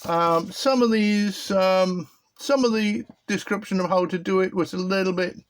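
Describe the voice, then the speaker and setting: A man's voice: high voice, moderate pace. A British man hosting his own hobby electronics video, giving a casual show-and-tell that rambles and hesitates with frequent ums and restarts.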